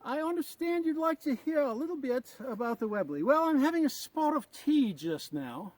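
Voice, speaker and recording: A blustering, pompous colonial officer, as a man puts him on, in a put-on English accent. His voice sits far higher than a normal speaking voice and comes out loud and exclaiming, in the manner of a comedy sketch. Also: big pitch swings, normal speed, dry recording.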